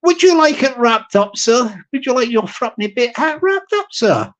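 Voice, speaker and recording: A man's voice: very high-pitched, big pitch swings, moderate pace, fairly bright tone, heavily acted. A man voicing an overly polite male shop worker who keeps calling the customer sir. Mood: fawning. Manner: fawning, repeats "sir". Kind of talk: comic impression in a live stream.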